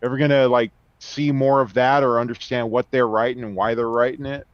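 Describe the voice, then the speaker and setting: A man's voice: mid-range voice, little pitch movement, fairly quick, dry recording. A man co-hosting a podcast in casual chat, laid-back and agreeable. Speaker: podcast co-host. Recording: dry, dull lo-fi sound.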